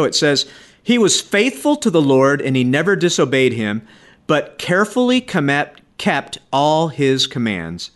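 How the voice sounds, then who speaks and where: A man preaching a radio sermon, telling a Bible story in an animated way and laughing now and then. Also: on the high side.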